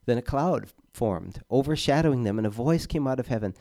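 A man gives a relaxed, conversational sermon in a mellow, warm voice. He speaks haltingly, with fillers and repeated words, and leans earnestly on key words. The sound is dry and close, with little room around it. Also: mid-range voice, creaky, no room sound. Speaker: preacher.

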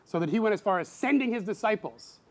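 High-voiced guy preaching a sermon, casual and animated, keeps acting out little voices. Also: fast. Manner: animated, acts out quoted voices with big pitch jumps. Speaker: pastor.

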